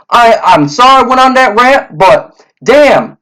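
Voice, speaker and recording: A man with a high voice hosts a fan sports show in a heated, repetitive rant. He stumbles and restarts often, piling up words as he goes. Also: sing-song, unhurried, fairly bright tone, rough recording. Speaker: sports channel host. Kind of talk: fan rant and draft predictions.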